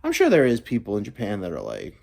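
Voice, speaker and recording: A man talks straight to his viewers in a loose, meandering comic monologue. His voice sits low and mellow but swings widely in pitch, with casual swearing. He is self-deprecating and free-wheeling. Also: huge pitch swings, fast, vocal fry. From United States. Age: 30s. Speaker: vlogger.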